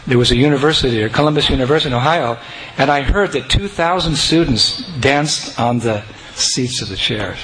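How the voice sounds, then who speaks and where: Animated man telling a devotional story. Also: medium pitch, brisk. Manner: animated, breaks into chanting and joyful shouts. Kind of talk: personal anecdote to an audience. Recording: noisy recording.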